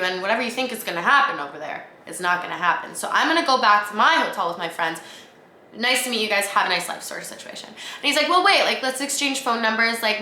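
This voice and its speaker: A young woman from Canada tells a story as a podcast host, chatty and self-mocking, leaning on "like" constantly. Her voice is bright and forceful. The recording is roomy and echoey, with a faint hiss behind her. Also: medium pitch. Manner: chatty, oversharing, heavy "like" filler, self-mocking. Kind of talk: casual storytelling monologue. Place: apartment room. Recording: echoey room.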